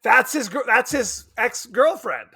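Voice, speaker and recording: Podcast co-host, male, from Palm Springs; high, very lively pitch, bright tone, chatty and animated. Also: measured pace, creaky, husky. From Palm Springs, California. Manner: animated, laughs often, acts out quotes. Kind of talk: casual film chat.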